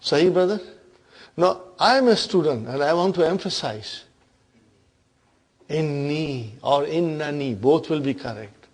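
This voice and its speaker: A male teacher leads a classroom grammar lesson in a slightly higher voice. He talks slowly and deliberately, checks in with his students often, and has the class repeat phrases back together. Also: expressive. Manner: drills the class in call-and-response. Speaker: Arabic teacher.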